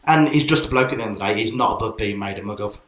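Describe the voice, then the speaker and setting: A man's voice: lowish voice, racing, a bit bright. A British man co-hosting a podcast, chatting casually with teasing, opinionated banter. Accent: British English. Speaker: podcast co-host. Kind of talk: casual chat. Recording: echoey room.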